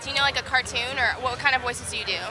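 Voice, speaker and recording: A woman's voice: high-pitched, fairly even intonation, rapid-fire, poor audio. A young woman hosting a student morning show, interviewing eagerly outdoors with a giggle. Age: young adult. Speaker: student TV host. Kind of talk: casual interview. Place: outdoors at a festival. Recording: loud crowd and noise outdoors.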